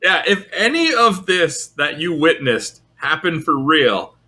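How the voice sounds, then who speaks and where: A man's voice: fairly high pitch, big pitch swings, unhurried, bright, forceful tone. A man co-hosting a podcast in casual chat, tossing in short wry quips. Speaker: podcast co-host.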